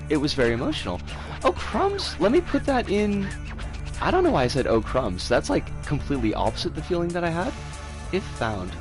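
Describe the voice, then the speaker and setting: Animated American woman streamer, swooping pitch. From United States. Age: 40s. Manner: animated and giggly, with sudden excited squeals. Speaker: game streamer. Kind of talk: casual livestream chat while gaming. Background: game music.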